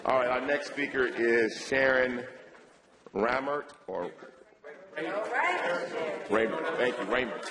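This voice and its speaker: A man chairing a city council meeting, making halting announcements and calling speakers. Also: mid-range voice. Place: council chamber. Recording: crowd noise in chamber.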